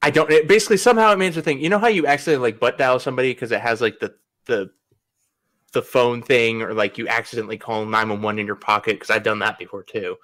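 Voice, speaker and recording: A man's voice: medium pitch, steady tone, fast, a bit bright. Rambling, swearing young man telling a story. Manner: rambling, laughs often, swears freely. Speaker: podcast host. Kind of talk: casual storytelling chat.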